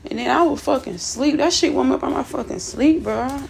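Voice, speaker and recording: A woman's voice: high-pitched, brisk, creaky, darkish tone, a little hiss or hum. A shaken woman, just woken from sleep, venting angrily to her viewers with heavy swearing and repetition. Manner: profane, repetitive, agitated. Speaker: vlogger. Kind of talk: angry venting to camera.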